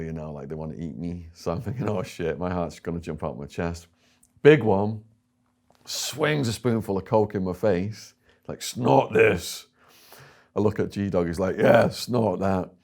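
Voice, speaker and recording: A man with an English accent, an interview guest telling a story and acting out what others said. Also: deep voice. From England. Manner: animated storyteller voicing other people in quotes.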